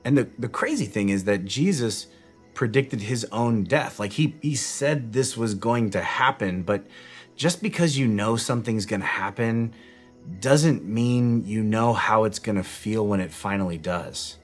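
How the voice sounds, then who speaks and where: A man with a fairly low voice delivers a reflective, conversational sermon, earnest and unpolished, with little restarts. He speaks outdoors in a backyard garden at night. Soft music plays faintly behind him. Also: lively intonation, measured pace. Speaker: pastor. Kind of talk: casual devotional sermon.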